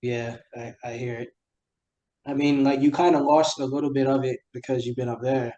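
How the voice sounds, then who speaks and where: A young man with a New York accent, talking in a mellow, warm tone. He hosts a relaxed podcast chat, easygoing and quick to laugh, often groping for the right word. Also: medium pitch, dull audio. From New York City. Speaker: podcast host. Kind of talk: casual chat.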